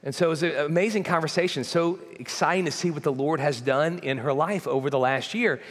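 Man pastor preaching, kinda high voice, big echoey church hall, hammers points with repeats. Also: a little fast. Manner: emphatic, repetitive preaching cadence. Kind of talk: sermon. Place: church auditorium. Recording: long hall reverb.

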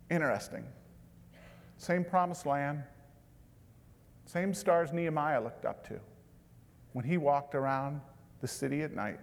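A man preaching a sermon, dropping to a hushed tone for tender lines and rising to loud, emphatic bursts. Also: a little high, a little slow, pauses often. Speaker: pastor. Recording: long hall reverb.

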